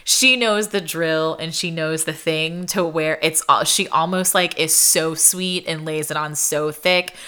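A woman's voice: sits low, a little slow, hardly any pauses, clean tone. A young adult woman vlogger telling a personal story in a chatty, casual monologue, often using "like". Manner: chatty, frequent "like", animated retelling.

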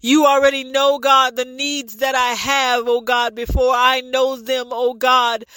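A woman leading a fervent spoken prayer, pleading and repeating lines, at times rising to shouts and speaking in tongues. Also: high-pitched, little pitch movement, unhurried, no room sound. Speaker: prayer leader.

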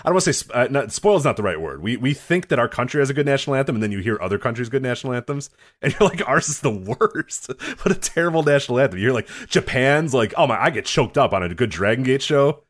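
Animated, teasing man laughing often. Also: medium pitch, fast talker, few pauses. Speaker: podcast co-host. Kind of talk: casual chat.

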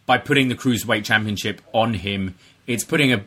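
A man with a bright, slightly husky voice talks wrestling in easygoing podcast chat. He lays out his reasoning in a measured, explanatory way. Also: fairly low pitch. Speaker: podcast co-host. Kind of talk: casual wrestling review chat.

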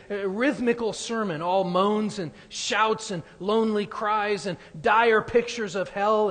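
Man, preacher, sermon reading, earnest storytelling, high voice, long hall reverb. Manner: earnest storytelling, hushed in sad passages. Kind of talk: sermon with a story read aloud.

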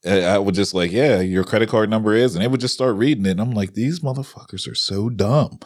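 Low-voiced guy telling stories, swears a lot, laughs a lot, dry close mic. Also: steady tone, fast, darkish tone, dry recording. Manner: laughs often, swears freely, acts out quotes. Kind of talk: casual chat, storytelling.

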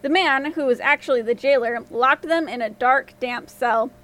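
High-voiced woman telling a fairy tale. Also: normal speed, fairly bright tone. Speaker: storyteller. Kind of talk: fairy-tale storytelling narration.

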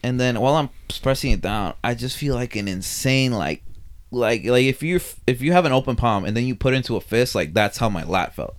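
Casting: young male podcast host, mid-low voice, animated, swears freely, laughs through the story. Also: fairly quick. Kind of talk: casual chat.

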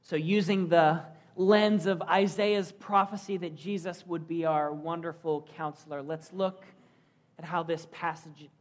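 A man's voice: fairly high pitch, steady tone, measured pace. Earnest male pastor preaching. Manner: earnest, storytelling delivery with rhetorical questions. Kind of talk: sermon.

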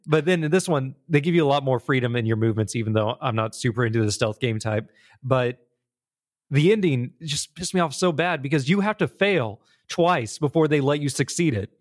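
A man's voice: mid-range voice, fairly quick. A man chatting casually about video games, telling rambling stories and acting out little scenes as he goes. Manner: animated, rambling storyteller who acts out scenes.

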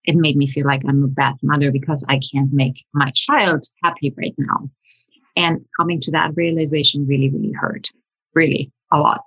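A woman's voice: low voice, flat delivery, normal speed, slightly rough, dry recording. A woman guest in a casual chat, speaking earnestly and reflectively, with a slightly dull lo-fi sound.

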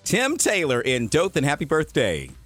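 A man co-hosting a radio morning show, playful and quick to laugh. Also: on the high side, huge pitch swings, a bit bright, no echo, faint music behind. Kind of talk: upbeat radio banter. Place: radio studio. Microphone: studio microphone.

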